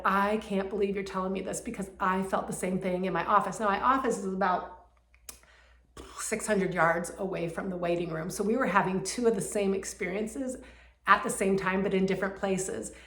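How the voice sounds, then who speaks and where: A woman's voice: mid-range voice, fairly even intonation, moderate pace, fairly bright tone. A woman who works as a Reiki healer, earnestly telling a heartfelt personal story. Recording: roomy echo.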